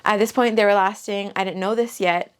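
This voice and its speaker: A woman's voice: medium pitch, fairly even intonation, brisk, smooth. Chatty young woman telling a story. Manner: chatty, peppered with "like". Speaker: vlogger. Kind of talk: casual storytelling.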